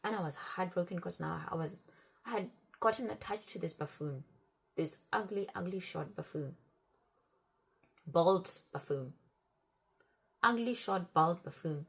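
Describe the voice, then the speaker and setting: Woman vlogger, husky and low, gravelly edges; exasperated storytime delivery. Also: a little slow, pauses often. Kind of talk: storytime vlog.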